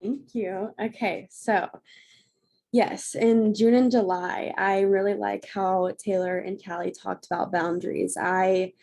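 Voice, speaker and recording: A woman's voice: mid-range voice, steady tone, a little slow, gravelly, a little mellow. Earnest woman sharing a personal story. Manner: earnest, emotional, laughs through tears. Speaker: guest speaker on a team call. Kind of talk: personal testimony.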